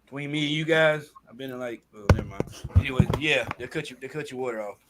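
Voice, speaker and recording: A man in a casual chat, animated and joking, swearing freely. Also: mid-range voice, fast talker, very noisy.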